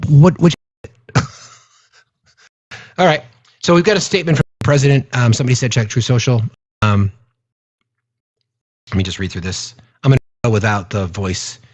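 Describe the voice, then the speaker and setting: A man's voice: medium pitch, moderate pace, long pauses, a little mellow, no room sound. A man hosting a political commentary show, reacting with disbelief and reading statements aloud with asides. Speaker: host.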